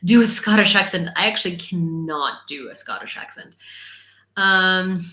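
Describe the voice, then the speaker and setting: A woman's voice: fairly low pitch, normal speed, pushed and bright, reverberant. A young woman from Ukraine with an American accent, chatting playfully with viewers as a livestream host. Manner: chatty and playful, reads comments aloud. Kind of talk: casual livestream chat answering viewers.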